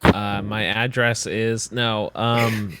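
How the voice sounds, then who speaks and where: A man's voice: on the low side, steady tone, slow pace, noisy background. A man chatting as a guest on a live stream, joking and trailing off into mumbles. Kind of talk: casual chat on a live stream.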